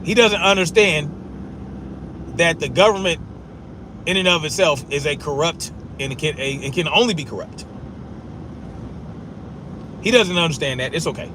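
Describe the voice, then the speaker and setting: A man's voice: a little high, moderate pace, pauses often, noisy background. A man arguing back at chat comments during a casual live stream, profane and repeating himself for emphasis.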